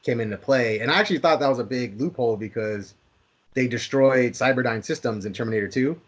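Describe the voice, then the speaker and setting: A man's voice: medium pitch, fast talker. A man co-hosting a podcast, chatting casually about movies, often restarting his words and acting out reactions. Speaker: podcast co-host.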